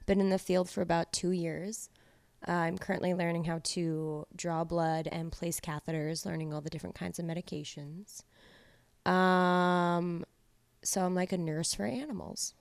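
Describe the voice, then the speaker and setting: A woman's voice: lowish voice, steady tone, moderate pace, gravelly, clear, resonant tone, no room sound. Giggly young woman chatting casually. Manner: giggly, easygoing, trails off. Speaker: guest, veterinary technician. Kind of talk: casual family chat.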